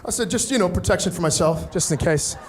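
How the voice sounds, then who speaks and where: A stand-up comedian with a high-pitched voice tells a story at a quick pace, animated and energetic, acting out the voices of the other people in it.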